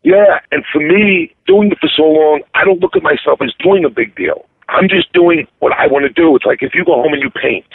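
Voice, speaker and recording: A man's voice: fairly high pitch, lively intonation, a little fast, gravelly, few pauses, husky, no room sound. A man, talking earnestly and streetwise as a guest, often laughing. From Brooklyn, New York. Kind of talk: casual interview chat. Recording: dry tinny phone-like line.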